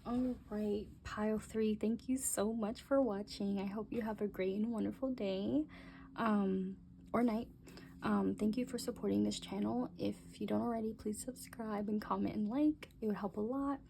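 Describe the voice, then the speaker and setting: A young woman doing a casual tarot reading, talking gently and musing aloud, with soft exclamations as she turns the cards. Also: mid-range voice, fairly even intonation, normal speed, creaky, a little hiss or hum. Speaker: tarot reader.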